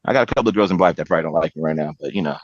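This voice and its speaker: A man's voice: low voice, very fast, dull audio. A man in his forties, a podcast host, chatting casually and acting out quoted lines as he tells stories. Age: 40s. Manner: animated storyteller acting out quotes. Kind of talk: casual chat.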